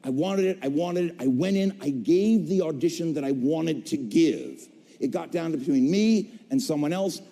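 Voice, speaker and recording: A middle-aged man with a fairly high, mellow, dark voice spins a self-mocking story about his acting career. He talks to a live audience from a stage, and his words carry long reverb through a large convention hall. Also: animated, normal speed. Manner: playful, self-mocking, acts out quotes in funny voices. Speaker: voice actor telling a career story on a panel.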